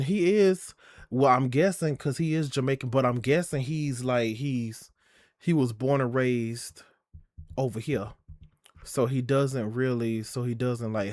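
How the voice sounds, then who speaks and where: A man's voice: mid-range voice, measured pace, a little mellow, no echo, clean studio sound. A young man live-streaming in a sassy, chatty way, swearing a lot and calling his viewers "girl" and "y'all.". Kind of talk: casual live-stream chat.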